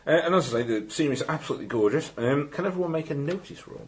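A man's voice: a little high, expressive, racing, a little hiss or hum. A man running a tabletop game as game master, describing scenes in a chatty, hesitant way. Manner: chatty, hesitant, full of ums, warmly descriptive.

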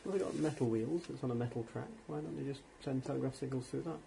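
A man's voice: medium pitch, quick pace, gravelly, mellow, slight background noise. A man playing in a tabletop game, chatting casually about his character. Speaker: player.

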